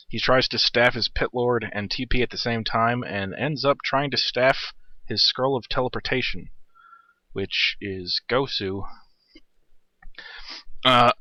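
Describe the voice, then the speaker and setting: A man's voice: lowish voice, no room sound, muffled recording. A man in his thirties giving casual, rambling game replay commentary, irreverent and profane. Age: 30s.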